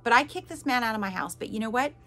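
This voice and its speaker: A woman's voice: a little high, expressive, quick pace, fairly bright tone, faint music behind. A woman in her forties telling a personal story to her viewers, earnest and emphatic, pleading at times. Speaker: vlogger sharing her story.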